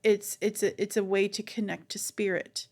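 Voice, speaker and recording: A woman co-hosting a podcast, telling a long story in casual chat, animated and rambling with many fillers. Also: mid-range voice, normal speed. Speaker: podcast co-host.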